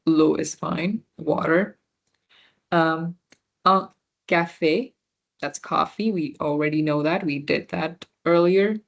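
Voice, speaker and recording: On a muffled recording, a young French workshop instructor with a low-pitched voice teaches a beginner class. Of Punjabi background, she explains things patiently and makes sure the students are following.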